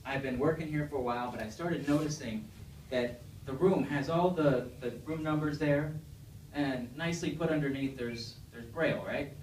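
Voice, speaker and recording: A man's voice: fairly high pitch, normal speed, a little mellow. Echoey stand-up comedian man. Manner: conversational, asks the crowd questions. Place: comedy club stage. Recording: echoey room, distant mic, faint noise.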